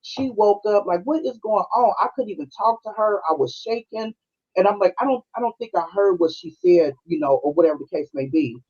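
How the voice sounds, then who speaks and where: A woman's voice: mid-range voice, expressive, a little fast, darkish tone, husky, lo-fi sound. A middle-aged woman, a podcast co-host, telling a personal story on a live stream in a conversational, heartfelt way. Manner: conversational, heartfelt, full of "you know" and "like".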